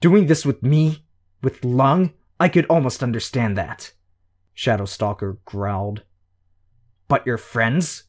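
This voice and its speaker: A man's voice: lowish voice, fairly even intonation, measured pace. A man voicing a bitter, hostile young female vigilante who growls clipped threats. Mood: furious.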